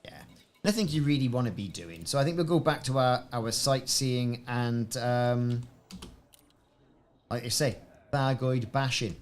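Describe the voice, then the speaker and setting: A man's voice: mid-range voice, unhurried. A man casually commenting on his gameplay, chatting to friends and often repeating words as he goes. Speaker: gaming video host.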